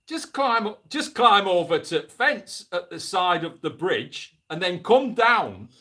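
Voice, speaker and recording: A man voicing a village boy with a northern English accent and an oddly deep, broken voice, reading slowly from a storybook. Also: sing-song, sharp tone, heavily acted. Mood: coaxing.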